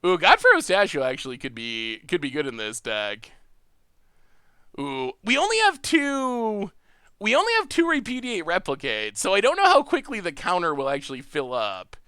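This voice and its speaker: A male streamer talks through an online card game in a high, lively voice that swoops up and down. He thinks aloud, restarts his sentences and laughs often. His sound is dry and close. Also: normal speed, smooth, no room sound. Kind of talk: live gameplay commentary.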